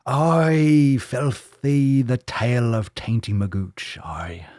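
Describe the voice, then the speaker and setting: A man voicing an old male pirate storyteller in a pub, with a put-on Irish pirate accent and a gruff, slow, yarn-spinning manner. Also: medium pitch, fairly even intonation, darkish tone, dry recording, clean studio sound, natural voice.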